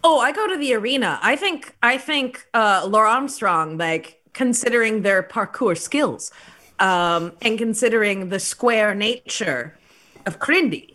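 A woman's voice: a little high, animated, measured pace, sharp tone. A woman player in a tabletop game, talking casually and giggling, with lots of likes. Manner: giggly, rambling with many likes.

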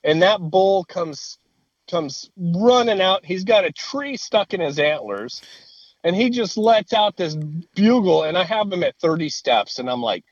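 A man telling a hunting story in casual conversation. He is animated, swears freely and laughs at his own story. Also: sits high, a little slow, no echo, highs cut off.

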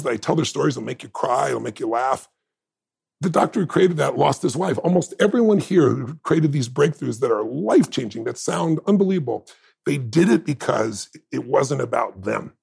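Man, deeply gravelly voice, intense and emphatic, podcast guest. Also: a little mellow. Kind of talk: emotional storytelling in conversation.

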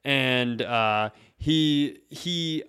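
A man's voice: medium pitch, very slow, a bit bright, smooth. A man co-hosting a comedy podcast, telling rambling stories full of self-corrections in casual chat. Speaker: podcast co-host.

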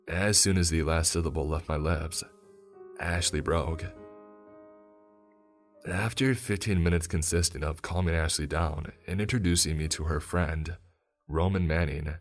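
A man with an extremely low voice narrates a tense first-person story. His delivery is steady and grave. Faint music runs underneath.

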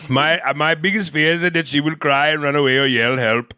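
A man's voice: a little high, steady tone, fairly quick, bright, forceful tone, clean tone, dry recording. A man co-hosting a casual movie chat, rambling and crude, joking and laughing often. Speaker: podcast co-host.

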